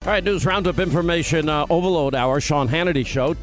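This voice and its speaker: A man's voice: on the high side, brisk, soft background music. Emphatic male talk radio host. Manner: emphatic, scoffing, mocks opponents. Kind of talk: political talk radio commentary. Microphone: studio microphone.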